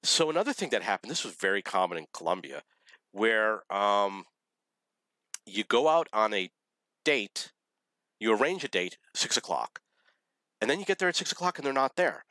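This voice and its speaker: A man's voice: fairly low pitch, very animated, normal speed, long pauses, pushed and bright, no room sound, rough recording. A man casually telling dating stories in a rambling, self-correcting, wry way. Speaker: storyteller.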